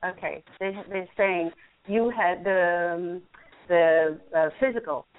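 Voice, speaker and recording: A woman's voice: on the low side, takes it slowly. A woman hosting a call-in radio show, giving angel card readings in a soothing, encouraging way with frequent laughs. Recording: phone-like lo-fi line.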